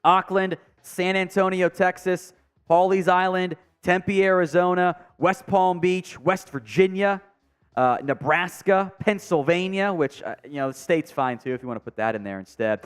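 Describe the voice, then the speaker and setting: A man's voice: sits high, moderate pace, clean tone. A man hosting a live sports stream from a home setup, reading viewer comments aloud in a chatty, joking way with mumbled asides. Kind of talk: casual live stream chat.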